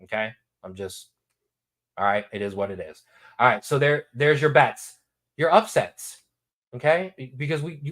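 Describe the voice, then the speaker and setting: A man hosting a sports talk show, giving his betting picks in a lively, repetitive, hyped-up way. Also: mid-range voice, unhurried. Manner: animated, repetitive, hypes picks.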